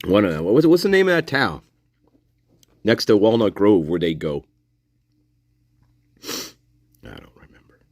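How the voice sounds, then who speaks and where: A man's voice: fairly low pitch, big pitch swings, normal speed, long pauses, darkish tone, dry recording. A man hosting a casual live discussion, rambling, repeating himself and swearing freely. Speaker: livestream host.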